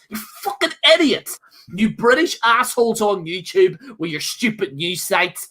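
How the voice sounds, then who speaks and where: A man's voice: sits high, pushed and bright. A man co-hosting a podcast, ranting with fiery, profane outbursts broken up by laughter. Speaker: co-host. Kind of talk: heated podcast rant.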